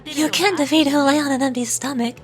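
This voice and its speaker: A woman voicing a composed female general, speaking in a steady, reassuring way. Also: sits high, a little fast, music in the background, lightly acted. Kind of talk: fan voice acting of a game script.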